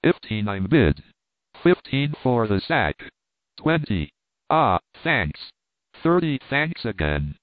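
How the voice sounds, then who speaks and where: A man reading the part of a jovial auctioneer calling out bids in quick patter. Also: medium pitch, very animated, no echo. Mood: brisk. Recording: dry, tinny phone-like sound.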